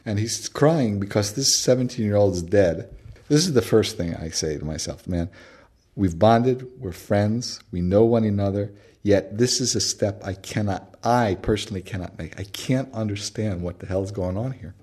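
Man, radio interview guest, lowish voice, animated storytelling, frequent fillers. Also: normal speed.

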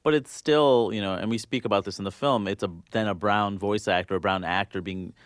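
A man's voice: on the low side, brisk, dry recording, studio quality. A man being interviewed as a filmmaker, earnest and thinking aloud with many fillers. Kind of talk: casual interview.

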